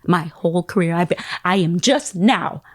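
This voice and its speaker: Woman, 60s, podcast guest, lively storyteller who acts out the people she quotes, dry close mic. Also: fairly low pitch, moderate pace, no room sound. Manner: animated, acts out quoted voices.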